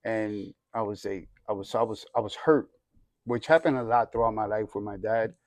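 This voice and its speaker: A man in his forties tells his life story in a casual, animated way. He slips into streetwise slang and acts out each voice in the story. The sound is close and dry, with no room behind it. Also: on the low side, normal speed, no echo. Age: 40s. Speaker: guest sharing his testimony.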